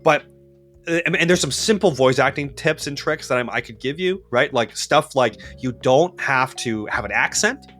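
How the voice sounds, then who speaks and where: A man co-hosting a casual chat, giving game-running advice in an animated way and often tagging his sentences with "right?". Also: medium pitch, normal speed, faint music behind.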